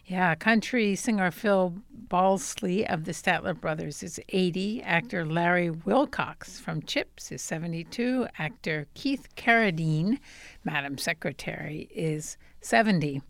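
A woman's voice: fairly low pitch, a little slow, gravelly, dry recording. A woman co-hosting a radio show, chatting and laughing as she reads comic strips and birthdays. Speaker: radio co-host. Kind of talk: casual radio chat reading comics.

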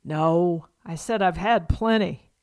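A woman voicing a folksy Southern husband with a slow, deadpan drawl, within a memoir reading. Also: high-pitched, clear, resonant tone, no room sound, clean studio sound. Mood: teasing.

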